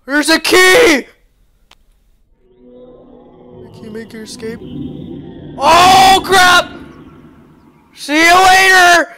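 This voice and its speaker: A woman playing a horror game, jumpy and shrieking in panic, then muttering quietly between scares. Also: extremely high pitch, drawn-out words, pauses often, rough recording. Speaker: gamer. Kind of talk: horror game let's-play commentary. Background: game music.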